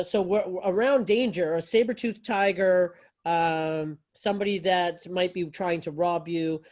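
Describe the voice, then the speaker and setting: A man with a high-pitched, darkish voice teaches yoga philosophy to a class. He talks loosely and conversationally, using folksy phrasing and restarting often.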